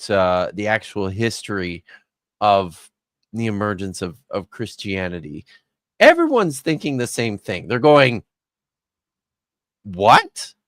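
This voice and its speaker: A male guest in a casual reaction chat, speaking in a deliberate, exasperated way. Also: on the low side, dry recording, clean studio sound.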